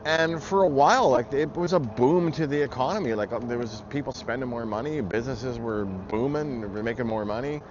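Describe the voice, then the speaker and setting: A man's voice: mid-range voice, a little fast, hardly any pauses. A man vlogging, ranting heatedly and bluntly with plenty of swearing. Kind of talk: angry political rant. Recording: muffled audio with loud traffic noise.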